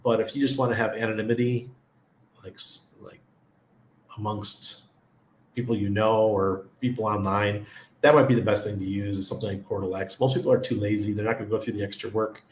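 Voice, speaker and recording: A man's voice: fairly low pitch, fairly even intonation, a little fast, echoey room, slight background noise. A middle-aged man hosting a casual livestream chat who laughs often and greets viewers by name. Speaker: livestream host.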